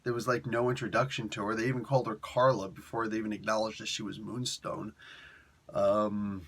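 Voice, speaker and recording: A man's voice: fairly low pitch, little pitch movement, brisk, fairly bright tone, slightly rough. A man giving a casual, rambling spoken review of a comic book, chuckling often and correcting himself as he goes. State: in pain.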